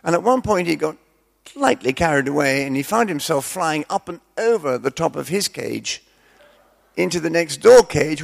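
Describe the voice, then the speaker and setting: A man preaching in a relaxed, chatty way, drifting into jokes and stories with self-deprecating asides. His voice is gravelly and sits a little high for a man. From Scotland. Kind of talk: sermon with humorous storytelling.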